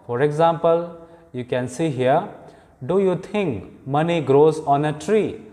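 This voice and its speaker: A man teaching an English grammar lesson, explaining slowly and deliberately with frequent fillers. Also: on the high side, dark tone. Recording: long hall reverb.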